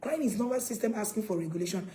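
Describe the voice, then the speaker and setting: This parenting coach talks very fast and expressively in a medium-pitched voice, captured on a rough recording with a little hiss or hum. Preaching to camera, she quizzes viewers, repeats herself, and erupts into loud acted scolding.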